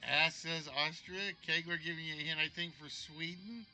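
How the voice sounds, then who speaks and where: A man's voice: on the high side, fairly even intonation, normal speed, sharp tone, soft background music. A man hosting a live-streamed trivia game show, joking and teasing the contestant.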